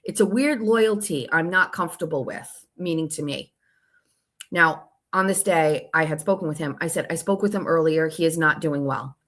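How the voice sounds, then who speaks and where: A woman's voice: low voice, moderate pace, a bit bright. A woman hosting her own show, telling a long story in a casual, sarcastic and profane way while reading out text messages. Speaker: show host.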